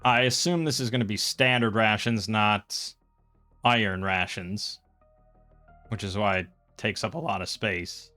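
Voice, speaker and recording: A man's voice: lowish voice, a little slow, sharp tone, soft background music. A man playing a solo tabletop role-playing game, reading out rules and rolls and thinking aloud in a casual way.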